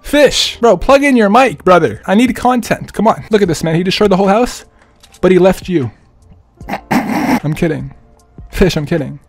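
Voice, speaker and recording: A man's voice: high voice, fairly quick, dry recording, faint music behind. A young man giving playful, trolling gameplay commentary, laughing often. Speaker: gaming streamer.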